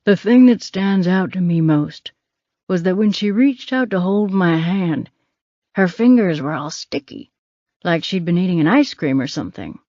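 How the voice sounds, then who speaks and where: A man's voice: sits high, animated, normal speed, darkish tone, no room sound, lo-fi sound. A woman voicing a teasing, wry older man who is a hospital patient.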